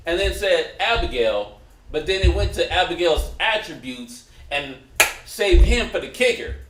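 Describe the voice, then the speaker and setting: A man's voice: on the high side, big pitch swings, measured pace, fairly bright tone. Man teaching a casual Bible class. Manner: conversational, directs readers, restarts often. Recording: roomy echo.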